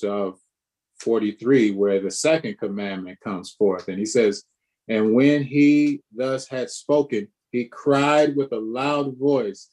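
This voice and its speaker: A man's voice: medium pitch, a little mellow. A man who is a pastor, leading a conversational Bible study, asking emphatic questions and repeating words.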